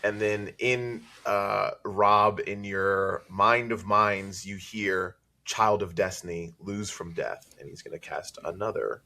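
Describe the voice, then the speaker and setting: A man's voice: on the low side, steady tone, takes it slowly, few pauses, sharp tone. A man playing a tabletop game, hesitant and full of fillers as he works out his turn. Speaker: player.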